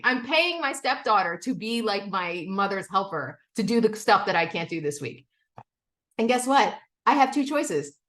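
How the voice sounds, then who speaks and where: A middle-aged woman speaking candidly in a recovery step study. She talks casually with frequent "okay?" and "like" and swears freely. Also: fairly low pitch. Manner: candid, animated, acts out quotes of family. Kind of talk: personal share in a recovery meeting.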